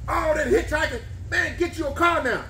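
A man loudly cheering on an eating challenge in a restaurant, whooping and repeating himself. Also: extremely high pitch, normal speed, far from the mic, slight background noise. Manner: excited, repetitive hollering and whooping. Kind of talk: loud cheering commentary. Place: bar and grill dining room. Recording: echoey restaurant room.

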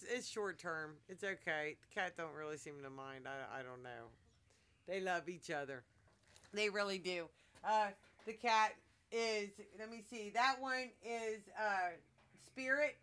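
Bright, clear-voiced woman chatting with pets. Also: on the high side. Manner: chatty, coaxing, talks to her pets. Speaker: vlogger with pet monkeys. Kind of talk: casual home vlog.

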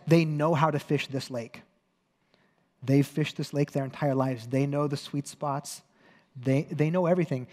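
A male pastor delivers a sermon in a slightly higher register for a man. He speaks conversationally, often correcting himself mid-sentence and adding a wry joke. His voice rings out with a long reverb from a large church hall. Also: darkish tone. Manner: conversational storytelling with self-corrections.

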